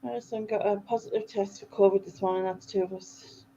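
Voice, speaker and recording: A woman's voice: medium pitch, steady tone, fairly quick, mellow. A woman chatting on a group call, teasing her friends and passing on messages. Her audio sounds dull and lo-fi, with faint noise underneath. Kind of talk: casual group video chat.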